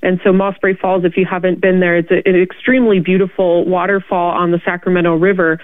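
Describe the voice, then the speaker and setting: A woman, a city mayor, answering radio interview questions in a steady, informative way with frequent ums. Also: fairly low pitch, no room sound. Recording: tinny phone line.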